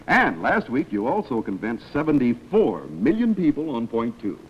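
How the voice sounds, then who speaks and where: A man hosting a television game show in a lively, chatty, animated manner, recorded in a studio. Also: mid-range voice, moderate pace, muffled recording. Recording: old noisy broadcast with studio audience.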